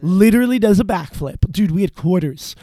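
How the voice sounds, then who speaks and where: Animated, profane young man telling stories. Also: high voice, a little fast, no echo. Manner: animated, profane, acts out quotes loudly. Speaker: podcast host. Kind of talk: casual storytelling chat.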